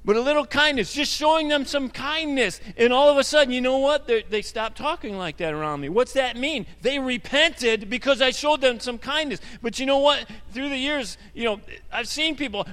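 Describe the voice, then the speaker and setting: A man's voice: very high-pitched, moderate pace, pushed and bright. A male pastor preaching a sermon in a conversational way, often repeating words and adding asides. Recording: hall reverb.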